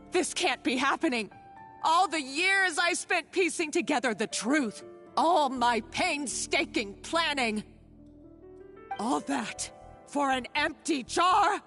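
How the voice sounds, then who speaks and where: A scheming woman treasure hunter from a video game. She speaks slowly and deliberately, her pitch swooping widely as she lingers over every word. Faint game music sits behind her. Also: expressive, pushed and bright, exaggerated voice. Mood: despairing. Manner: theatrical, gloating villain delivery.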